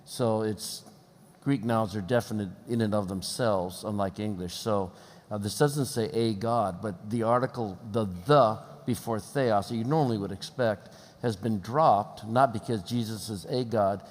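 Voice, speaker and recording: A man's voice: lowish voice, normal speed. A man explaining a grammar point as a guest scholar, checking himself as he goes. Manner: tentative, self-checking. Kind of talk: casual explanation. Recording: echoey hall, faint ambience.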